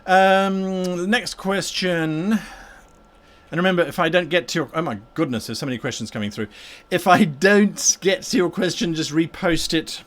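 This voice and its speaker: A man's voice: a little high, moderate pace. A man hosting a live stream and answering viewer questions about game mastering, talking casually and rambling with restarts and repeated words while he paints. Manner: talks while painting miniatures.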